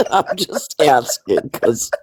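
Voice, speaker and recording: A woman speaks slowly, her pitch swinging widely as she laughs and teases. The tone stays playful and easy throughout. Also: very animated, a little mellow, husky. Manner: laughing, teasing. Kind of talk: casual group chat.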